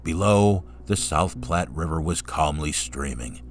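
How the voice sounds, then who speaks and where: A man reading a first-person story aloud in a calm, steady narrating voice. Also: a bass voice, a little slow.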